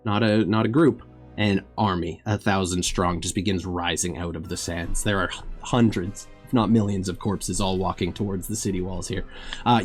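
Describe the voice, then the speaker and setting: Deep-voiced man narrating as game master. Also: a little mellow. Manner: vivid scene narration with frequent uh fillers.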